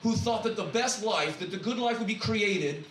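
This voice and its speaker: A professor giving an animated, wisecracking sermon-style talk, his voice pitched a little high for a man. He sounds far from the mic in a roomy church hall, with a faint hiss behind him. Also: moderate pace. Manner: animated and joking, with frequent asides. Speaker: guest speaker and college professor.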